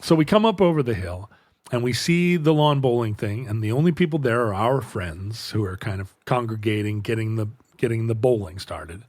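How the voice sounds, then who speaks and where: A man's voice: on the low side, animated, moderate pace, a little mellow, no echo, clean studio sound. A middle-aged man telling a long, rambling anecdote in casual chat, breaking off mid-sentence and acting out the dialogue. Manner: rambling, self-interrupting anecdote with quoted dialogue. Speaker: podcast host.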